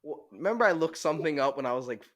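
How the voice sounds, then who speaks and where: A man's voice: a little high, very fast. Laughing young man telling stories. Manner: animated storytelling with frequent laughs. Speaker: podcast co-host. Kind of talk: casual chat. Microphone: handheld mic, sometimes held away.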